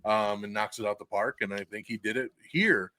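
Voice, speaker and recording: A man hosting a podcast, reviewing a movie in casual, excited chat. He swears freely and laughs often. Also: fairly low pitch, a little fast, no echo. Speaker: podcast host. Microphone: podcast mic, recorded live for video stream.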